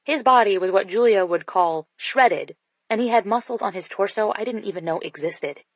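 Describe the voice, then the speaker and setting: A woman's voice: medium pitch, moderate pace, no echo. A woman narrating a first-person romance audiobook in an intimate storytelling manner. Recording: dull dry studio sound.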